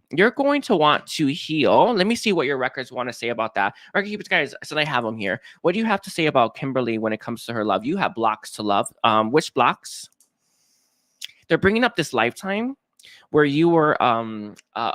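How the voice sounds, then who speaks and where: A man's voice: mid-range voice, fairly bright tone, no echo, studio quality. A man giving a live-streamed psychic reading, talking with many fillers and restarts. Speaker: psychic reader.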